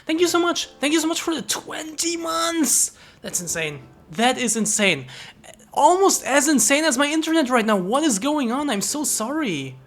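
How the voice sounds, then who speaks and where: A woman's voice: high voice, big pitch swings, moderate pace, soft background music. A young woman streaming live, chatting casually with viewers, thanking them and swearing freely.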